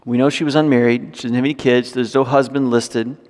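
A man preaching a sermon, reading scripture and breaking into animated, joking asides. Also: medium pitch, fairly quick. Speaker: pastor. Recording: long hall reverb.

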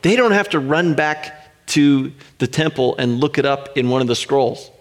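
A middle-aged man pastor preaching a sermon, earnest and emphatic, stretching out pauses to land his points. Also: mid-range voice, expressive.

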